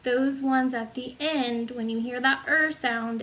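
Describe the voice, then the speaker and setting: A woman's voice: on the high side, steady tone, takes it slowly, hardly any pauses, a bit bright, slight background noise, poor audio. A woman teaching a phonics lesson to young children, patiently sounding out letters and syllables one at a time and praising the listener. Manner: patient and encouraging.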